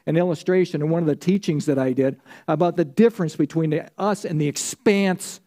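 A man's voice: on the high side, a little fast, warm tone. A man teaching a Bible study in a conversational way, asking his class questions and answering them himself. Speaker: pastor. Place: church.

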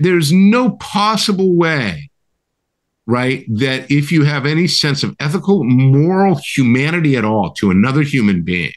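Impassioned man ranting, lively pitch. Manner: heated, emphatic, profane, repeats "right?". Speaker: co-host. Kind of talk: impassioned podcast rant.

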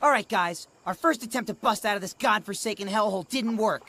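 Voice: mid-range voice, brisk, creaky, bright, forceful tone, slight background noise. An actor playing a mischievous prankster who talks in a teasing, sarcastic way.

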